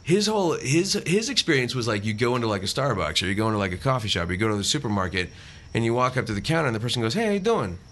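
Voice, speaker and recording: Guy talking fast on a podcast, bright voice, animated storyteller, lots of restarts. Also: medium pitch. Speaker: guest voice actor. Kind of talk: casual podcast chat.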